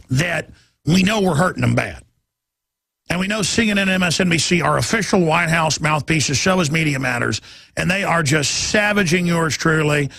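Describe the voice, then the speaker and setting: A middle-aged Texan man hosts a talk radio show and delivers a heated, impassioned monologue, mocking his opponents along the way. His high-pitched voice is gravelly, bright, and forceful, with lively intonation at a moderate pace. The sound is close and dry, with no room sound.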